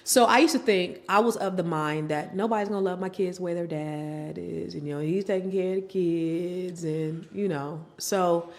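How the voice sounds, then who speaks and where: A woman's voice: lowish voice, moderate pace, few pauses. A middle-aged woman, a podcast guest, telling her personal story candidly and acting out what family members said. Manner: animated, acts out quoted family members.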